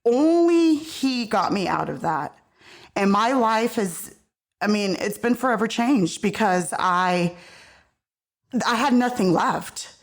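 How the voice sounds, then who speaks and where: A woman's voice: mid-range voice, animated, takes it slowly. Earnest woman telling an emotional story. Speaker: podcast guest. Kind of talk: casual chat.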